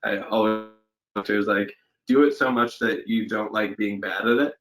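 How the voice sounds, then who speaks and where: A man with a fairly low voice talks through his answers slowly and reflectively. He hesitates, restarts his sentences and fills the pauses with "um". The talk is casual, recorded at home for an interview. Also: fairly even intonation, a bit bright, low-quality recording. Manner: thoughtful, hesitant, many fillers and restarts. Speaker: actor guest. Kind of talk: casual interview over video call. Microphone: home setup during lockdown.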